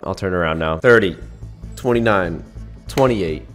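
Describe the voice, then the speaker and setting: A man's voice: low voice, unhurried, over music. A young man hosting a casual gaming video, teasing his friend and laughing a lot. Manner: playful, teasing, laughs often. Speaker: YouTuber host.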